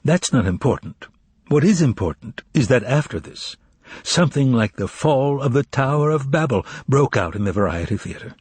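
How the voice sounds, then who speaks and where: A man narrating an audiobook in an expressive way, voicing each character. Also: mid-range voice, normal speed, slightly rough, dry recording. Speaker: audiobook reader.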